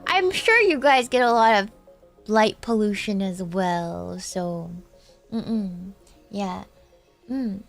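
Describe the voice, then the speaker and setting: A woman's voice: medium pitch, lively intonation, slow, vocal fry, soft background music. A woman from Texas who streams, chatting casually with viewers, thanking donors and breaking into song.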